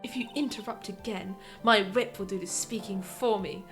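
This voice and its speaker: A woman's voice: medium pitch, fairly even intonation, moderate pace, over music, close to an everyday voice. A woman voicing an arrogant young female prosecutor in a posh put-on voice, speaking in a cold, haughty, clipped way. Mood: threatening.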